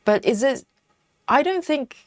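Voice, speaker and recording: Lady chatting on her live stream, giggly, bouncy pitch, dry sound. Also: expressive, a little slow, dry recording. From United Kingdom. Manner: chatty, giggly, reads viewer comments aloud. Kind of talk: casual live stream chat.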